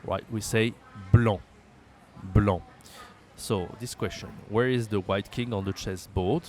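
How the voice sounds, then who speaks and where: Teaching a language lesson, a French-accented man who speaks French natively hums, self-corrects, and repeats phrases at a slow pace for learners while thinking aloud. His pitch is on the low side and his intonation fairly even, and the recording carries a little hiss or hum.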